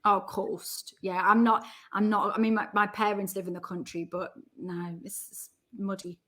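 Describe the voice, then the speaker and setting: A woman's voice: medium pitch, flat delivery, moderate pace, a bit bright. A woman with a Geordie accent, a guest chatting casually in an interview, jokey and self-deprecating. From North East England. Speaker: podcast guest, self-development coach.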